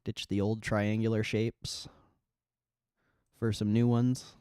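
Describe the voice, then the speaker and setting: A man's voice: lowish voice, flat delivery, slow, darkish tone, clear, resonant tone, dry recording, studio quality. A man hosting a casual livestream, reading viewer comments in a laid-back, swearing, joking way. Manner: laid-back, swears a lot, laughs often. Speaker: livestream host.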